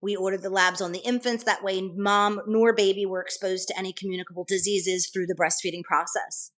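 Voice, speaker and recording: A woman's voice: mid-range voice, steady tone, a little fast, fairly bright tone. A middle-aged woman, a nurse interviewed as a guest, telling her account in earnest detail with frequent restarts. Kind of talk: conversational interview storytelling.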